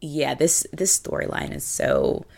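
A woman's voice: measured pace, creaky. A woman co-hosting a casual chat about a TV show, acting out quotes with big jumps in her voice. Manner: animated, acts out quotes with pitch jumps. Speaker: podcast co-host.

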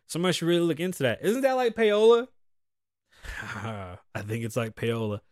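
A man's voice: fairly high pitch, normal speed, no echo, studio quality. A man hosting his own show, ranting in casual commentary with profane outbursts and muttered asides. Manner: animated, profane, swings between loud outbursts and muttered asides. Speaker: podcast host.

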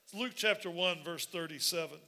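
A man preaching a sermon as pastor, animated and repetitive, building up to shouts. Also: high-pitched, a little fast, creaky.

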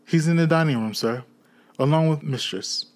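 A man voicing a deferential young housemaid, speaking in a raised, brisk, polite way. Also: fairly high pitch, a little mellow, voice pushed up, natural voice.

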